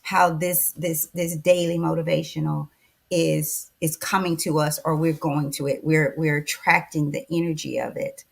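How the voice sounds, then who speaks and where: An older woman speaks in a low, gravelly and somewhat husky voice. She co-hosts a casual podcast in a chatty, reflective way, pausing and correcting herself as she goes. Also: level tone. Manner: chatty and reflective, many fillers and self-corrections. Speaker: podcast co-host.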